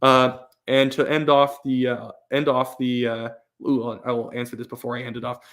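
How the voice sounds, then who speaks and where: A young man talks casually on his live stream. He reads questions from chat aloud and answers them with firm opinions, often stumbling, restarting and filling gaps with "uh". His voice sits at an ordinary middle pitch. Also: little pitch movement, moderate pace, a bit bright.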